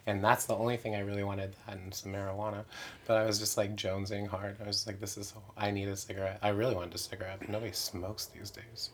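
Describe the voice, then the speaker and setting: Chatty drag performer, low voice. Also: male voice, level tone, fast, a little hiss or hum. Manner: chatty, candid, frequent "like" fillers, self-mocking. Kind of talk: casual interview chat.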